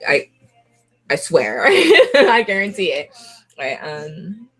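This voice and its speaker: A young woman vlogger of Puerto Rican heritage chatting casually to camera, laughing often and gushing like an excited fan. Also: low-pitched, slow, faint music behind.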